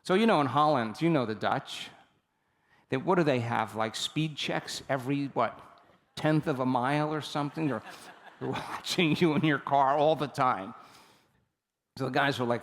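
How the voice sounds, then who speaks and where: A man giving a motivational seminar talk, telling stories with animated energy and often checking that the audience is with him. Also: medium pitch, normal speed, in a large hall. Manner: animated storytelling, repeatedly asks the audience for agreement. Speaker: seminar speaker.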